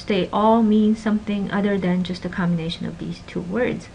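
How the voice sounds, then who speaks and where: A woman teaching a linguistics class, stressing example words with energy and dropping into quiet asides. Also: fairly low pitch, normal speed, creaky, few pauses, muffled recording, a little hiss or hum. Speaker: linguistics lecturer. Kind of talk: recorded classroom lecture.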